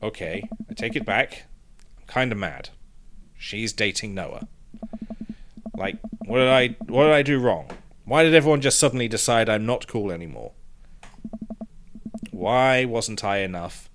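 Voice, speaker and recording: A man voicing an upset teenage girl hurt by her friends, reading game dialogue aloud in a low-key, deflated way. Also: unhurried, long pauses, fairly bright tone, a little hiss or hum.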